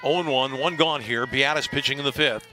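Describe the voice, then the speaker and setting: Man calling a softball game. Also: mid-range voice, background noise. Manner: measured commentary that rises to excited shouting on big plays. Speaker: play-by-play announcer. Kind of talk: live sports commentary.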